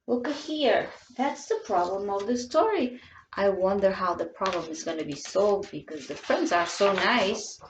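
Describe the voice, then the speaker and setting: A woman reads a picture book to young children, slowing down and pausing to ask how the characters feel. Her voice is a little high and expressive, with gasps at surprises. The room sounds echoey, and the recording is muffled and lo-fi. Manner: expressive, gasping, asks questions to children. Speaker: teacher reading a picture book aloud. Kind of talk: bilingual storybook read-aloud. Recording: roomy, dull lo-fi sound.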